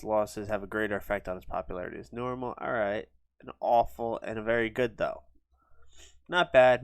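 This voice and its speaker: A man's voice: mid-range voice, fairly bright tone, clean tone, no room sound. Guy rambling thru a wrestling sim, mid voice, dry close mic. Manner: quick and offhand, with fillers. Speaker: gaming video host. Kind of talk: casual commentary on a wrestling sim game.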